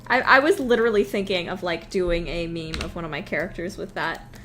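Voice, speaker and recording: A woman's voice: fairly low pitch, fairly quick, pushed and bright, slight background noise. A woman game developer chatting casually and rambling on a live stream, often breaking into giggles.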